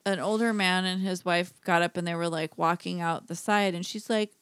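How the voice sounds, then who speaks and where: A woman's voice: lowish voice, fairly even intonation, moderate pace, clean tone, no echo, studio quality. A woman in her thirties co-hosting a podcast, chatting playfully and laughing often. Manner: giggly, playful storytelling. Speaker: podcast co-host. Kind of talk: casual chat.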